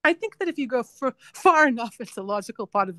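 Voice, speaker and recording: A woman's voice: on the high side, lively intonation, fast, bright, forceful tone, no room sound. A woman speaking as a guest in a casual philosophical conversation, musing and filling her talk with little giggles. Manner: musing, lots of fillers and giggles. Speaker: guest physicist.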